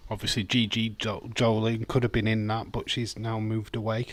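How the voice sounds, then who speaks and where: Over slight background noise, a lowish male voice with flat delivery talks at normal speed. It's a Yorkshire-accented host of a live wrestling watch-along, casually chatting, responding to chat, and laughing easily.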